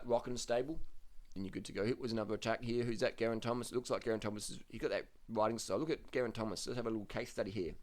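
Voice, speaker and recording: A man giving casual, blunt commentary over race footage, swearing freely, repeating himself and getting loud when worked up. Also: mid-range voice, steady tone, rapid-fire, a little hiss or hum.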